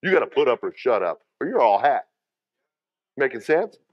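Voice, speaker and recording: A male pastor preaching a folksy sermon with cowboy talk. He moves from low, quiet lines to loud shouting. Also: big pitch swings, moderate pace, highs cut off.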